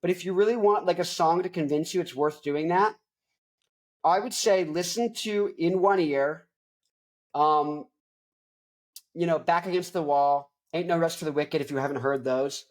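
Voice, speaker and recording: A man's voice: on the high side, darkish tone. A young man chats through an album review in a loose, rambling way. He wanders off topic into jokes and back again, with plenty of fillers. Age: young adult. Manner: rambling, digressive, jokey. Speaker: host. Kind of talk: casual album review chat.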